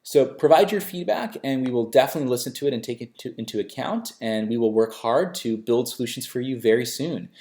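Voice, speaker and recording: A man walking through a software dashboard in a casual tutorial, talking loosely with many fillers and restarts. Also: mid-range voice, brisk, hardly any pauses. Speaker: software company representative giving a tutorial. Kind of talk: screen-share tutorial walkthrough.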